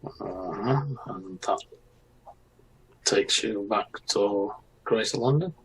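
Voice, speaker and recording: A man playing a tabletop game, answering in a dry, deadpan way. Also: on the low side, takes it slowly, slight background noise, low-quality recording. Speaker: player. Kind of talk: in-character table play.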